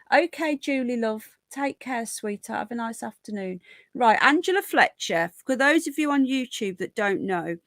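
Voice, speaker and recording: A woman's voice: medium pitch, dry recording, clean studio sound. A middle-aged woman from England hosts a live stream, chatting with viewers by name, often restarting and repeating words. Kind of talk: live stream commentary, reading chat.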